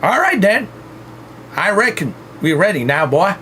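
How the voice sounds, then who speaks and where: A rowdy Southern backwoods man hollers in a thick put-on Southern drawl, as a man puts him on. The voice sits high and pushes loud, bossy and drawling. A faint hum runs underneath. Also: very animated, unhurried, exaggerated voice. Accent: put-on American Southern.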